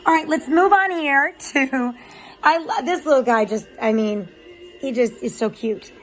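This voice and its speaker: Woman dog breeder, casual explainer, fairly high voice, soft music bed underneath. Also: unhurried, low-quality recording. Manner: chatty and explanatory, with filler ums. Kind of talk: casual vlog narration.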